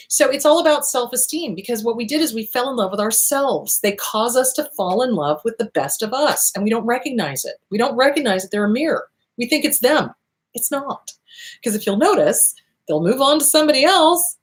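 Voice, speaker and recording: A woman hosting an advice show, answering viewer questions in a blunt, emphatic way, repeating short commands for emphasis. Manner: acts out quoted voices with big pitch swings. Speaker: host answering viewer questions on abuse recovery. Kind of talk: casual advice talk.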